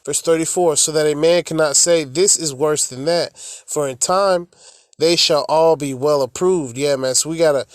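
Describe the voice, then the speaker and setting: A man from the American South, with a Southern accent and a fairly high-pitched voice, preaches a fiery, profane street-style sermon at a moderate pace. He is brash and taunting and chants prayers in rhythm. The recording is clean studio sound with no echo.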